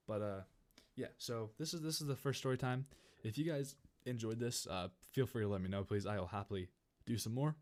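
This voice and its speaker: A young man from California telling a casual storytime over gameplay, rambling and animated, with many restarts. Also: fairly low pitch, fairly quick. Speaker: gaming channel host.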